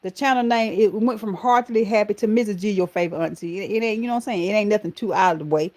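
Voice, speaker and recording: A woman's voice: mid-range voice, fast, darkish tone. A middle-aged woman with a Southern American accent, hosting a live stream and chatting with viewers, calling them honey and baby. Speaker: channel host.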